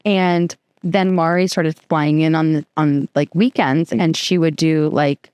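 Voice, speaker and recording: A woman guest on a podcast, telling a story in a chatty, animated way with lots of filler words. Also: deep voice, slow pace, smooth, no room sound, studio quality. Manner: chatty, animated, fills speech with "like". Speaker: podcast guest, youth program co-founder. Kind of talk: casual interview storytelling.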